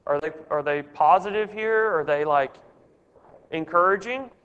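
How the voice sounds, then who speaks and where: A man's voice: high voice, a little slow, fairly bright tone, smooth, in a large hall, highs cut off. A man leading a Bible study, earnest and asking his group questions.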